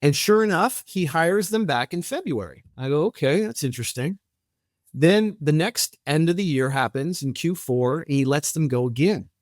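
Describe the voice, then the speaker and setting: Here a man with a voice on the high side talks at a moderate pace, in a dry, clean studio recording. As a podcast guest and company founder, he tells lively stories in a casual interview, acting out the dialogue with frequent restarts.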